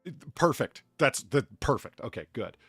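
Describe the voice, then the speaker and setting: A man's voice: medium pitch, big pitch swings, moderate pace, a bit bright, husky, no room sound, studio quality, soft background music. A man hosting a casual chat, telling stories animatedly and laughing often. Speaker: streamer bartender host.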